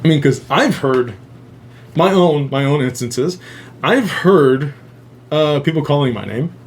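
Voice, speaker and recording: A man's voice: fairly high pitch, expressive, measured pace. Rambling, swearing man hosting a casual stream. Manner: rambling, heavy swearing, laughs often. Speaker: host. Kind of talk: casual live-stream chat.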